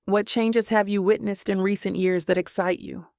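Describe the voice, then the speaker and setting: A woman voicing a polite, guarded male professor who speaks in a measured, careful way. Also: mid-range voice, fairly even intonation, creaky, a little mellow, dry recording, studio quality, lightly acted. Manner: measured and careful, slightly nervous.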